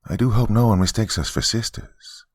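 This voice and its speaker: A man's voice: fairly low pitch, normal speed, no room sound, clean studio sound, voice pushed up, lightly acted. A man voicing a polite, prim female android maid, lifting his voice a little for her.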